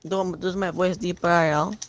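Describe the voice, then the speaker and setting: A young man casually telling a rambling, excited story over game voice chat, full of restarts and retold back-and-forth. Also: high-pitched, normal speed. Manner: rambling, excited retelling with many restarts and "I'm like".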